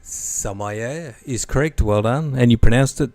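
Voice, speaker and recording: A man's voice: mid-range voice, moderate pace, a little mellow, no echo. A man hosting a casual podcast quiz game, reading clues and joking as he hints at the answers. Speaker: quiz host.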